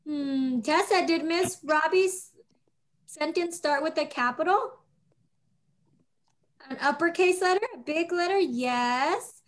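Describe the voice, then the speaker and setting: Over a video link, a woman with a high voice instructs small kids, keeping her words slow and distinct. Her manner is encouraging and endlessly patient.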